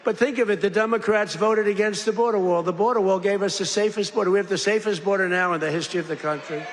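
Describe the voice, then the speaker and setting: A man's voice: sits high, quick pace. An older man giving a rambling, boastful political speech with mocking asides, in a large industrial hall. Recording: echoey hall, faint crowd ambience.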